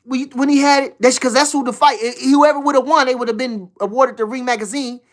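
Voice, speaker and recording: A man's voice: extremely high pitch, steady tone, fast talker. A man hosting a casual livestream, hyped and repeating himself, swearing freely. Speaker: livestream host talking boxing.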